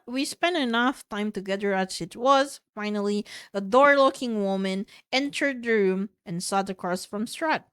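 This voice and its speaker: A woman's voice: mid-range voice, a bit bright, clean tone, no echo, clean studio sound. A woman streamer reading a novel aloud, stumbling over words and correcting herself as she goes.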